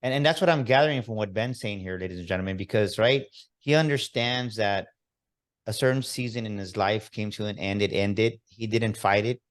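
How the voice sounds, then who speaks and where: A man's voice: lowish voice, brisk. A man hosting a motivational podcast, talking straight to his listeners with energy and a preaching tone. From Texas. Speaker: podcast host.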